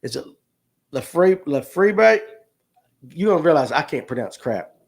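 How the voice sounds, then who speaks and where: A man's voice: on the high side, animated, normal speed, a little mellow. A man hosting a casual fishing livestream, joking with viewers and reading comments aloud. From North Georgia, US. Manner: folksy, joking, talks to viewers by name. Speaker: host of a fishing livestream show.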